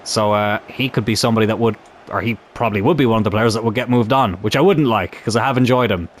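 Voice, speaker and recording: A young man commentating on his own football video game in a chatty, animated way, swearing mildly as he plays. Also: fairly low pitch, fast, a little hiss or hum. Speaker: gaming YouTuber.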